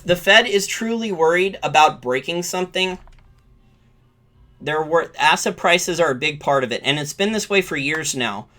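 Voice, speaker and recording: A man with a bright, pushed, somewhat high voice hosts a live-streamed finance show. His market commentary is loose and rambling, often restarting mid-sentence as he corrects himself.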